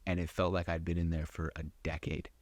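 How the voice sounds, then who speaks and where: A young man with a low voice tells a rambling personal story as a podcast host. He swears a lot and drops fillers everywhere. The sound is close and dry. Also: level tone, brisk, dry recording. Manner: profane, rambling, full of fillers. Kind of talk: casual storytelling.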